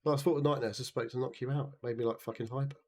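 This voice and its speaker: A man co-hosting a gaming podcast, unwell and short on sleep, chatting casually with lots of swearing in a low, mumbly way. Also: fairly even intonation, very fast, darkish tone. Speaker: podcast co-host. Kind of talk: casual chat.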